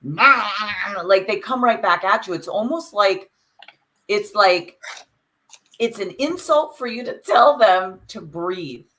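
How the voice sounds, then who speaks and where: A woman's voice: medium pitch, expressive, slow pace, fairly bright tone, rough recording. A woman co-hosting a podcast, reflecting aloud and talking things through in a casual chat. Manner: reflective, talks it through with restarts. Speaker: podcast co-host.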